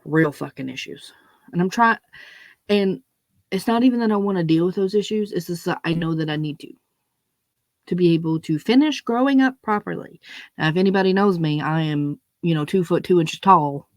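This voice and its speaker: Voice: medium pitch, moderate pace, dry recording. A young adult giving a blunt, profane, unscripted rant, hammering points home with repetition. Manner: blunt, profane, emphatic, repeats words when stressing a point. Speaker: monologue speaker. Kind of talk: unscripted ranting monologue.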